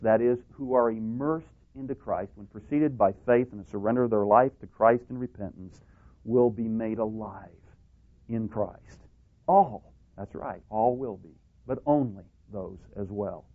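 A man's voice: fairly low pitch, moderate pace. A man preaching a sermon, emphatic and building his points to stressed pleas, with scripture references. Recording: tinny phone-like tape recording.

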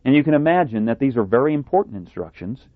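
A man's voice: medium pitch, big pitch swings, dry recording. Tinny recorded male preacher. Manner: deliberate, emphatic, sometimes sarcastic. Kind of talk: sermon. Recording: tinny phone-like dry sound.

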